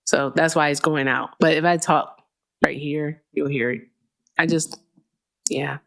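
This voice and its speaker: A woman's voice: low voice, expressive, unhurried. A woman hosting a live call-in stream, talking casually and chattily, swearing freely and often laughing, speaking into a headset mic. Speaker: livestream host. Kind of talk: casual livestream chat. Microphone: headphones with mic at a streaming desk.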